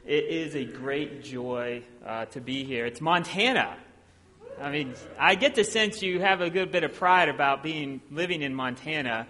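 A man from Ohio preaching as a visiting preacher, talking in a relaxed, self-deprecating way with plenty of ums. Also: on the high side, measured pace, slight background noise. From Ohio, USA. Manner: conversational and self-deprecating, with many filler sounds. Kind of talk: sermon. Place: church sanctuary. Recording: long hall reverb in a church.

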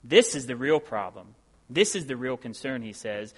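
A man's voice: mid-range voice, animated, moderate pace, husky. Earnest man preaching a sermon. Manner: earnest preaching, rising emphasis on key phrases. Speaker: pastor.

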